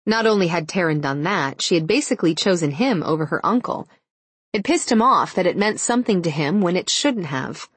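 Woman audiobook narrator; deep, even, measured, dry studio read. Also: breathy edge, no room sound. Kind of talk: scripted narration.

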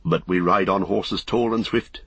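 A man's voice: low-pitched, measured pace, a bit bright, husky, dry recording, heavily acted. Theoden, a grave old king, read by a man. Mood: kindly. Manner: grave, commanding. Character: aged proud warrior king.

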